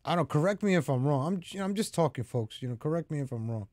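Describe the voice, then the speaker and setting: A man's voice: fairly high pitch, lively intonation, fast talker, darkish tone, no room sound, studio quality. A man hosting his own political commentary vlog, talking straight to his viewers in a heated, repetitive rant. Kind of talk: ranting opinion vlog.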